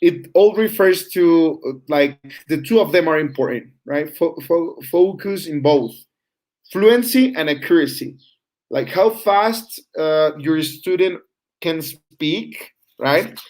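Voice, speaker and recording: A man's voice: on the high side, animated, takes it slowly, a little mellow. Man teaching an online class. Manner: explains with frequent "right?" checks and fillers. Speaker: teacher trainer.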